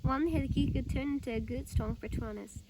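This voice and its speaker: A woman's voice: high voice, moderate pace. A woman with a Ukrainian accent, reading a novel aloud in careful English with small slips and restarts. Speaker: reader. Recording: distant mic, loud outdoor background noise.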